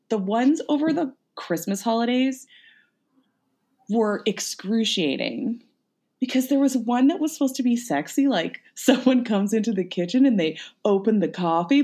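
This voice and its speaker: A woman's voice: medium pitch, darkish tone. A woman co-hosting a podcast, ranting in casual chat and swearing freely. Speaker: podcast co-host.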